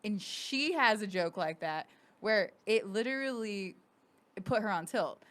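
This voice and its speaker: A woman's voice: mid-range voice, animated, unhurried, a bit bright. A woman hosting a podcast, gossiping in a chatty, profane way and laughing often. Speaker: podcast host. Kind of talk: casual gossip chat.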